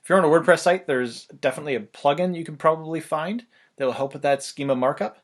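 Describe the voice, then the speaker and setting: Fast-talking man explaining. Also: on the high side. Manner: rapid, loose, filler-heavy delivery. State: out of breath. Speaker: online marketing instructor. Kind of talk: casual fast explainer talk.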